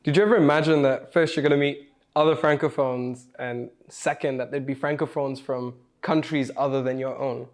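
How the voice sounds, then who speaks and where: A man's voice: mid-range voice, fairly even intonation, normal speed. A young man hosting a casual interview, upbeat and chatty. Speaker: host.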